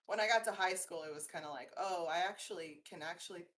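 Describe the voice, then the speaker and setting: A woman's voice: fairly low pitch, fast talker, a bit bright. A woman artist being interviewed, chatting in a bubbly way with frequent laughter. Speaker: guest artist. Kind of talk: casual interview chat.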